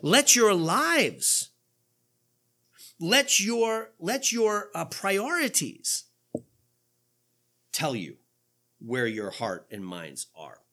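A man's voice: sits high, sing-song, extremely slow, pauses often, sharp tone. A man in his fifties preaching a conversational sermon in a church, putting rhetorical questions to the congregation in an informal way. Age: 50s. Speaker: pastor.

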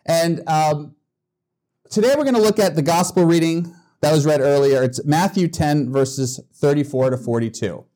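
A man gives a sermon as a guest preacher in an easy, conversational way, joking and sometimes restarting a phrase. His voice sits fairly high for a man. It has a mellow, soft-edged tone. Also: normal speed. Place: church.

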